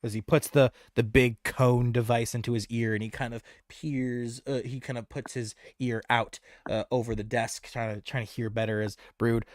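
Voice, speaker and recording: A man narrating a tabletop game as game master in an animated, descriptive way. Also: medium pitch, moderate pace, few pauses, dry recording, studio quality.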